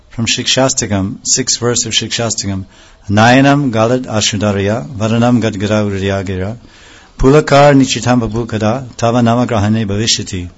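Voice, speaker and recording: A man giving a devotional lecture as a spiritual teacher, explaining slowly and repeating phrases and scripture terms as he goes. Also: mid-range voice, muffled recording.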